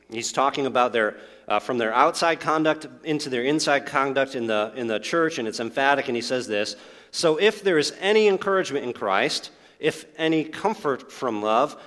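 A man's voice: mid-range voice, fairly bright tone. A man preaching a sermon as pastor, earnest and emphatic, praying and then asking rhetorical questions to his congregation. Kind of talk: sermon with prayer. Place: church sanctuary. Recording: long hall reverb.

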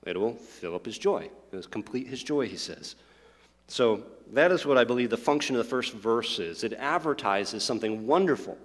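A man's voice: mid-range voice, lively intonation, moderate pace. A man preaching a sermon as pastor, earnest and emphatic, praying and then asking rhetorical questions to his congregation. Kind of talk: sermon with prayer. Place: church sanctuary. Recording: long hall reverb.

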